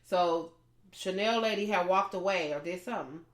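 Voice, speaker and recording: A woman's voice: fairly low pitch, moderate pace. Woman, comedian co-host, gossipy storyteller, echoey room. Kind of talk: casual storytelling chat.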